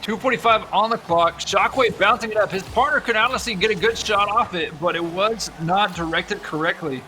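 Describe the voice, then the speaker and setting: Bright high-voiced young male commentator. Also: soft background music. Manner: energetic, jokey, quick exclamations. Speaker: esports commentator. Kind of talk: live play-by-play commentary.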